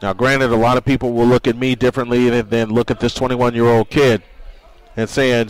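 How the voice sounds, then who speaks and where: A man's voice: medium pitch, level tone, a little fast, no echo, low-quality recording. A man hosting a sports radio show, speaking earnestly in a monologue and reading quotes aloud.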